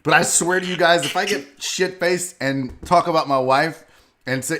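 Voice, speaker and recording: A man's voice: a little high, moderate pace, pushed and bright. A man hosting a live sports show, rambling and swearing loosely as he drinks on air. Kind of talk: loose live-stream talk.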